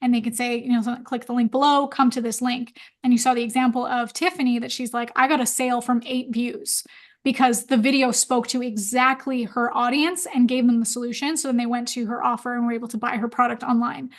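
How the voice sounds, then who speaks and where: High-voiced chatty woman hosting a webinar. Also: fairly even intonation, brisk. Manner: chatty, upbeat, quotes clients in voices. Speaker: webinar host. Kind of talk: live Q&A webinar.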